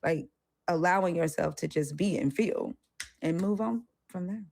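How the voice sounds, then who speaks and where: Lowish-voiced woman, blunt and animated. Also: normal speed, creaky, dry recording, clean studio sound. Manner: animated, swears freely, acts out quoted voices. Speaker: co-host. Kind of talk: casual panel discussion.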